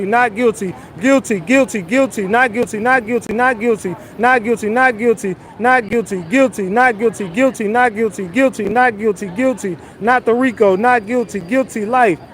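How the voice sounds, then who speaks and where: Out on a city street, a man with a high voice does casual livestream commentary into a phone, joking loosely and reading his chat aloud.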